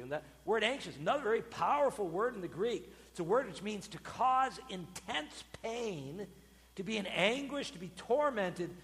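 A man, a pastor, preaching a sermon with expressive delivery, acting out quoted voices with sudden loud bursts. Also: sits high, big-room sound.

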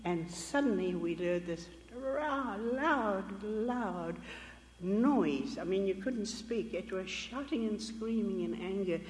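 A woman's voice: lowish voice, a little mellow, slight background noise. Older woman preaching in echoing hall. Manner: vivid storytelling, acting out quoted voices. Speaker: missionary speaker. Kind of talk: sermon testimony storytelling. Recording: echoey hall with long reverb.

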